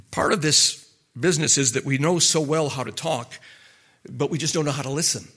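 A middle-aged male pastor gives a conversational sermon, throwing rhetorical questions at his congregation in a homely, folksy manner. His voice is bright and forceful and sits slightly above the usual male range. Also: fairly high pitch. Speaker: pastor and marriage counselor.

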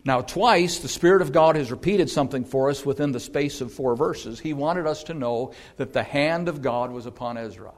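A male pastor with a mid-range voice preaches a sermon. He stresses single words, asks rhetorical questions, and slows down when reading scripture aloud.

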